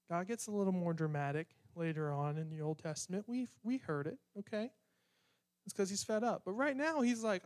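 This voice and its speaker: A man's voice: high voice, lively intonation, brisk, no echo, clean studio sound. A man giving a casual, conversational sermon with a sarcastic, chatty manner. He often repeats words as he thinks. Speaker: preacher.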